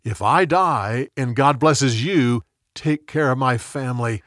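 A man's voice: mid-range voice, measured pace, a bit bright, dry recording, studio quality, close to an everyday voice. A man voicing a loyal young prince, speaking earnestly and with urgency while telling a story. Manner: earnest, pleading.

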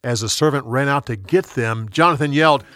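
A man narrating a story in a clear, plain storytelling manner. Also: mid-range voice, fairly quick, a bit bright, no room sound.

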